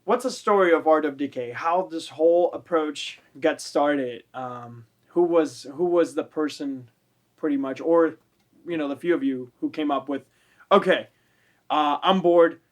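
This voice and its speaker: Higher-voiced male podcast host. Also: moderate pace. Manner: loose, rambling questions with many fillers and restarts. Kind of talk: casual interview questions.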